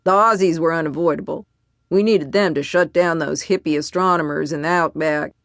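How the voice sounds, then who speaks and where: A woman voicing a brash, loudmouthed male military colonel who barks orders. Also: low-pitched, fairly quick, no echo, studio quality. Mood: scornful. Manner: barking, commanding.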